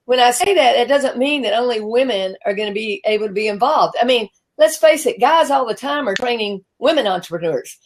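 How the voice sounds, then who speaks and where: Woman, sixties, Southern American accent, talk show host, chatty, self-deprecating, restarts often, somewhat high voice. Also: lively intonation, a little fast, few pauses, slight background noise, low-quality recording. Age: 60s. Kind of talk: live-stream talk show chat.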